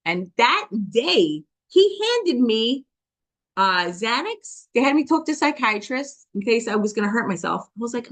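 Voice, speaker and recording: A woman giving a personal testimony, talking quickly and passionately, often checking in with "okay?" and acting out voices as she tells her story. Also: fairly high pitch. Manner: animated storytelling with quoted dialogue. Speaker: business testimony speaker.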